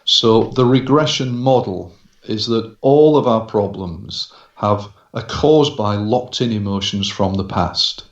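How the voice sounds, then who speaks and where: A man talking with a gravelly, creaky edge, in a measured way with frequent pauses and fillers. He is a hypnotherapist speaking as a guest. The sound is roomy and dull, like a lo-fi line. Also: lowish voice. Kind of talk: interview storytelling.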